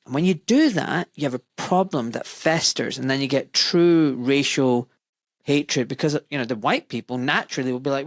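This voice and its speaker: A man from Scotland who is a doctor, hosting a podcast in a blunt, animated way, full of asides and quoted voices. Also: medium pitch, moderate pace, dry recording. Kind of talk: casual opinionated podcast talk.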